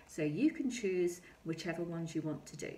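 A woman teaching a recorded lesson to young children, speaking slowly and clearly, reading her examples aloud with drama. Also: on the low side, animated, warm tone, a little hiss or hum. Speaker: primary school teacher. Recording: echoey room.

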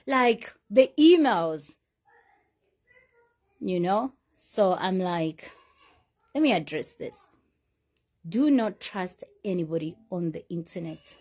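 A loud, confident woman in her forties talking casually and emphatically to her followers. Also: medium pitch, slightly rough. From Uganda. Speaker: social media personality. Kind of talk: casual talk to camera, addressing followers.

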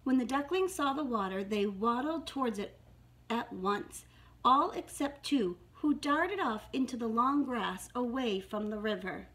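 A woman's voice: fairly high pitch, lively intonation, a little slow, a bit bright. A woman reading a storybook aloud to young children in a sing-song manner.

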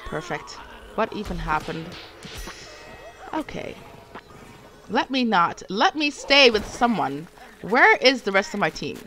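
A woman's voice: medium pitch, very animated, slow, pauses often, music in the background. A woman streaming a video game, talking to herself as she plays and breaking into panicked shrieks when attacked. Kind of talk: live gameplay commentary.

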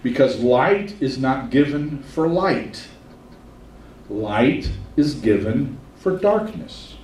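A man preaches a sermon in a church, telling homely stories and stretching out his key lines. He sits in a middle pitch and sounds far from the microphone. The room rings around him, with a faint hiss underneath. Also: animated, a little mellow. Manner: folksy storytelling, slows for emphasis. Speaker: pastor. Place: church sanctuary. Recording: roomy church sound from a distance.

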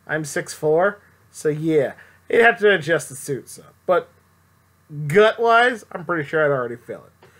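A man's voice: a little high, expressive, moderate pace, fairly bright tone. A young man chatting playfully and rambling as he plays a game show video game. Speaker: gameplay commentator. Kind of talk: casual gameplay commentary.

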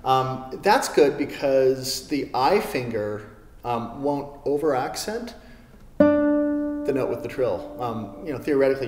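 A man giving a relaxed classical guitar lesson, with many fillers as he talks. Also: medium pitch. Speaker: guitar teacher. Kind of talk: video lesson. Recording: roomy studio with long reverb. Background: classical guitar playing.

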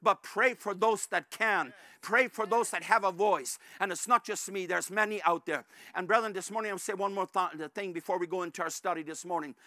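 A male pastor preaching a fervent sermon, repeatedly addressing the congregation as brethren and rising to shouts at the peaks. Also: high-pitched, fairly quick, few pauses, no room sound. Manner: rises to shouts at climaxes.

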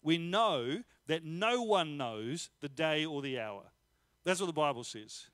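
A man preaching a casual sermon, telling personal stories in a lively, joking way. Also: on the high side, a little slow, no echo, studio quality. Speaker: pastor.

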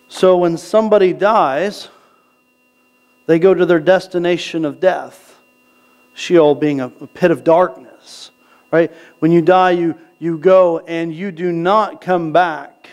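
Casting: male pastor, higher voice, chatty sermon delivery, keeps asking the room "right?". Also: fairly even intonation, a little mellow, clean tone. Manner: conversational preaching, asks the crowd "right?"; reads scripture slowly. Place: church sanctuary.

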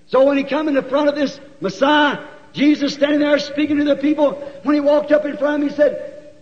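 A man preaches in a very high, ringing voice. He tells the story folksy and animated, rising to shouts. The sound is a dull old church tape with a long hall reverb. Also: brisk. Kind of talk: sermon storytelling.

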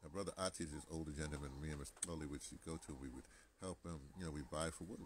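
Deep-voiced American man rambling casually. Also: fairly even intonation, racing, a little hiss or hum. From United States. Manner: chatty, digressive, many restarts and asides. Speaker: vlogger.

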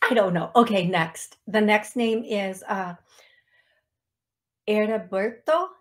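An American woman hosts a psychic medium radio show in a casual, chatty way, often laughing at herself in self-deprecating fashion. Her voice is mid-range with fairly even intonation, and she speaks a little slowly.

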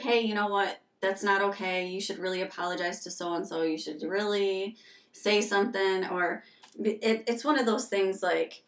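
A woman's voice: mid-range voice, reverberant, far from the mic. Frank, rambling woman reading tarot. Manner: rambling, frank and conversational with many fillers. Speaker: tarot reader. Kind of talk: casual tarot reading with personal stories.

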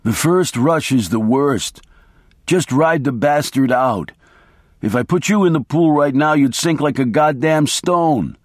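A man voicing a reckless, foul-mouthed male lawyer who talks in a slow, blunt, emphatic way. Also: on the high side, no echo, studio quality, voice pushed up. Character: wild-talking male lawyer, reckless and coarse.

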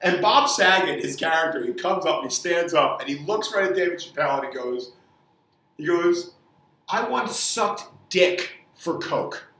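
A man's voice: on the high side, fairly quick, pushed and bright, far from the mic. A man who works as a fitness trainer, giving an angry, profane opinion rant with many stumbles and repeated words. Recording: echoey room, voice off mic.

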